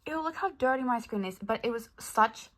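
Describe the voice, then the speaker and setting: A woman's voice: fairly high pitch, lively intonation, a little fast, fairly bright tone. A young woman vlogging casually about books, chatty and rambling with lots of fillers. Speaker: book vlogger. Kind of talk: casual vlog chat.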